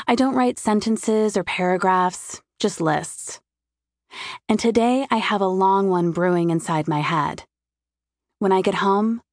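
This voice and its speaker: A woman's voice: on the low side, dry recording, studio quality. Woman narrating a wry first-person audiobook. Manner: wry, intimate inner monologue.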